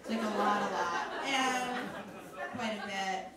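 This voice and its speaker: A woman's voice: medium pitch, slow, far from the mic. A young woman performing a stand-up comedy set on a club stage, talking in a chatty, rambling way with lots of fillers. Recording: roomy club sound heard from afar, crowd noise. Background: audience laughter.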